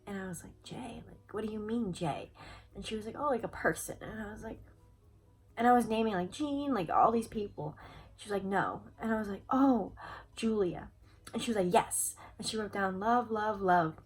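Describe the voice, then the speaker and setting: A young adult woman vlogger talks to the camera, casually recounting a personal story packed with "like" fillers and replayed conversations. Her mid-range voice is fairly quick and slightly rough, and the recording quality is low.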